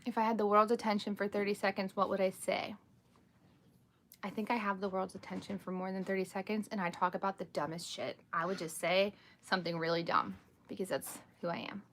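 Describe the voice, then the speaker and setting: Chatting on a casual live stream from her home, a woman in her thirties animatedly spins rambling stories. She has a mid-range voice and a brisk pace, with slight background noise.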